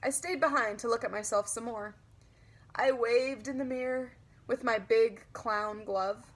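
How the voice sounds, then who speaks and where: Female children's audiobook narrator, lively childlike delivery, slightly high voice. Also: measured pace.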